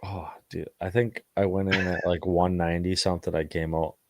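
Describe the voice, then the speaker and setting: Deep-voiced laid-back man. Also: flat delivery, fairly quick, dry recording. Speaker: guest. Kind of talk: casual chat.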